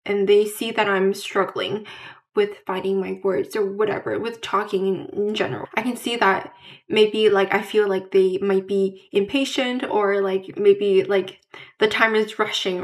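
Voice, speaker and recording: A woman talking candidly to camera in a casual vlog. She pauses to search for words, repeats herself and restarts often, and fills the gaps with "like". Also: medium pitch, fairly even intonation. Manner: searches for words mid-sentence. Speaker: vlogger.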